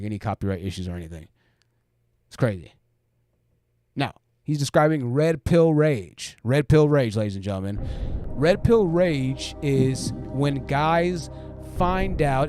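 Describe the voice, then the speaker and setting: A man's voice: mid-range voice, mellow, dry recording, studio quality. A man hosting a casual commentary stream, reacting to a video and chatting loosely with viewers, full of "like" and "you know.". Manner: rambling, filler-heavy, addresses viewers directly.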